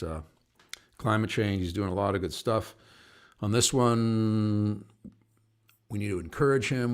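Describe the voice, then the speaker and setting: Greeting viewers by name, a middle-aged man known as a singer and activist spins rambling stories and chuckles along on his live online program. The talk is casual live-stream storytelling, in a fairly low-pitched, creaky voice.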